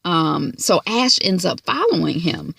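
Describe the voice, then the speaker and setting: Woman, casual recap vlog, chatty with asides, recorded in a car, some vocal fry. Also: lowish voice, sing-song, a little slow, fairly bright tone. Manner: chatty, filler-heavy storytelling with asides. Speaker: TV recap vlogger. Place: inside a car.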